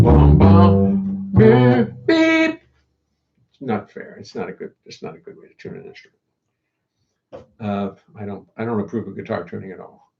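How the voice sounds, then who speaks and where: Older guy w gravelly voice, wry rambling livestream chat, kinda muffled lo-fi sound. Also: on the low side. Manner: rambling, wry, reads viewer comments aloud. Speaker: musician hosting a livestream. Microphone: computer audio input. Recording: dull lo-fi livestream audio.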